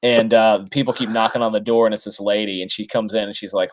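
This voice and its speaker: A man's voice: fairly low pitch, level tone, fast, few pauses. A man co-hosting a casual comics podcast, recapping a story with lots of ums and restarts. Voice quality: rambling, many fillers. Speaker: podcast co-host. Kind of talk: casual chat.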